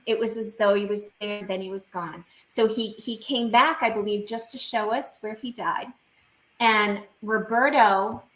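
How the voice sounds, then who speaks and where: A woman's voice: on the high side, sharp tone, reverberant, low-quality recording. A woman, a podcast guest, telling a personal story in a casual, emotional way, with many fillers and laughs.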